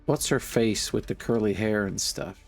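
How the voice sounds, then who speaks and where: A man's voice: fairly low pitch, moderate pace, faint music behind. A congested man streaming a game, chatting casually in a wry, rambling way with many fillers. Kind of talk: casual gameplay commentary.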